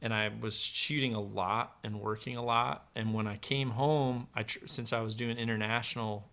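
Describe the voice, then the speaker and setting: A middle-aged man, a former pro archer, telling long relaxed stories with plenty of fillers in a casual podcast conversation. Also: lowish voice, moderate pace. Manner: relaxed, rambling anecdotes with many fillers.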